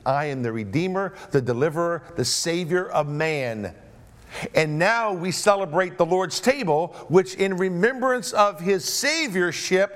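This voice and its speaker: A man delivers a sermon in a fairly high voice. He sinks into hushed, drawn-out phrases, then rises into forceful, emphatic declarations. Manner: dynamic preaching, swings between hushed low phrases and raised emphatic ones. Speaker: pastor.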